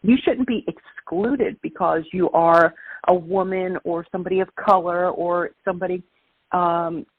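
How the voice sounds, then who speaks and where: A woman's voice: on the low side, steady tone, a little slow, slightly rough. A woman from Brooklyn with a Brooklyn accent, speaking emphatically and motivationally as a guest calling into an interview. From Brooklyn, New York. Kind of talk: phone-in interview. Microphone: phone. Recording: dry, tinny phone line.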